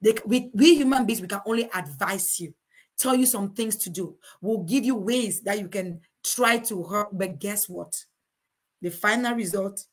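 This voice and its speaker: A woman's voice: mid-range voice, breathy edge. A middle-aged woman, giving earnest, preachy marriage advice full of rhetorical questions. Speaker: co-host of a couples talk show. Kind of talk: preachy advice talk to a live chat.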